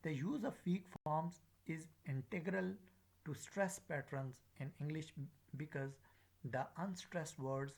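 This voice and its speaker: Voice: medium pitch, low-quality recording. A pronunciation teacher giving a recorded lecture, hesitant with frequent fillers and drilling example words one at a time.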